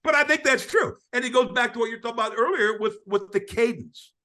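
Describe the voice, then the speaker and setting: A man's voice: very high voice, quick pace, pushed and bright. An older man, a retired sportscaster, telling stories in a podcast interview, acting out quoted voices with frequent stammering restarts. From United States.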